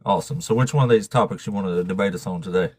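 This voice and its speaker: A man's voice: deep voice, rapid-fire, dry recording. A man hosting a livestream debate show, joking and laughing often.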